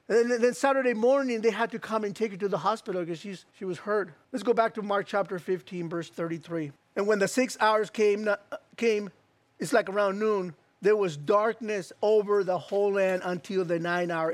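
A man's voice: high-pitched, no room sound. A man preaching a sermon, telling a story and then reading scripture in an earnest, repetitive way. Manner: storytelling, repeats words, earnest. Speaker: pastor.

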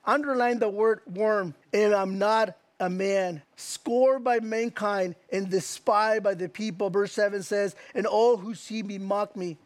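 High-voiced preaching man, dry sound. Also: dry recording. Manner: emphatic, slows down to read scripture, asks the crowd direct questions. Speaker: pastor. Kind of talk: sermon.

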